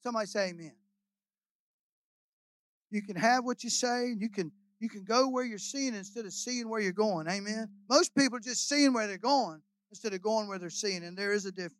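A man, preaching as a guest pastor in a folksy, joking way, repeating phrases and swinging between quiet asides and loud shouts. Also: high-pitched, a little fast, dry recording. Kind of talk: sermon.

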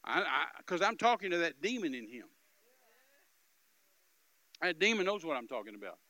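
A man telling a story in a sermon, dramatic and swinging between quiet narration and loud outbursts. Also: a little high, sing-song, normal speed, dry recording, rough recording. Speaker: preacher.

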